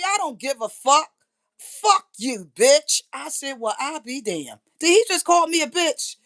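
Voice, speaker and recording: A woman's voice: high voice, a bit bright. A middle-aged woman, ranting bluntly and profanely on a live stream and repeating phrases for emphasis. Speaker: livestreamer. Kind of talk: impassioned live-stream rant.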